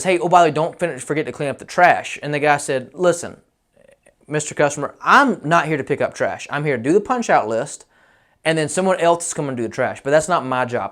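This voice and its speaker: A man's voice: fairly high pitch, lively intonation, a little fast, fairly bright tone. A man, a roofing contractor, casually telling a story about a difficult customer, rambling with fillers and restarts and quoting others in his own voice.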